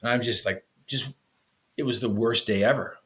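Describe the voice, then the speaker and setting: A man's voice: mid-range voice, normal speed, fairly bright tone. A man, a podcast guest, earnestly telling a personal story with frequent restarts.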